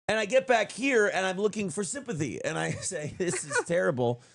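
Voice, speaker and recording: A man's voice: high-pitched, brisk, vocal fry, a little hiss or hum. A man co-hosting a streamed talk show, chatting in loose, profane banter and slipping into joke voices. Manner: animated, swings into jokey put-on voices.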